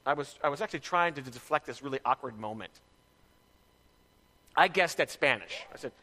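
A man's voice: mid-range voice, a little fast, long pauses, sharp tone, big-room sound. A man preaching as pastor, in a candid, conversational way with personal stories. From Canada. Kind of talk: sermon.

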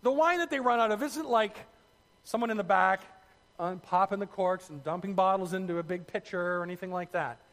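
A man preaching a sermon, telling the story in a lively way with asides to his listeners. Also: high-pitched, a little fast, in a large hall. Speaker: pastor.

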